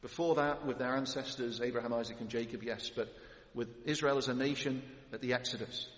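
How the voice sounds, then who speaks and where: A man's voice: mid-range voice, fairly even intonation, a little fast, fairly bright tone. A man preaching an expository sermon in a church, building to emphatic lists of titles. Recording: echoey hall with long reverb.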